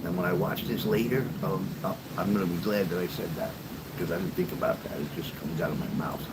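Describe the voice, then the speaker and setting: A man's voice: low voice, fairly even intonation, brisk, heavy background noise. Blunt, profane older man chatting live. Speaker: livestream host. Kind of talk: casual livestream chat with viewers.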